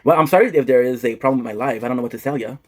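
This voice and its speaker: Young male streamer, crude rambling banter, quick husky delivery. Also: mid-range voice. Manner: crude, rambling banter, switching between English and French. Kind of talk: casual joking chat.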